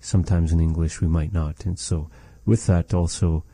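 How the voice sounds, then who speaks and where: Brief: low-voiced male language teacher, dark mellow tone, dry close sound, thoughtful and hesitant. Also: level tone, normal speed, breathy edge, no room sound. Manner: thoughtful, hesitant, searches for words. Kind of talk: explaining language lesson.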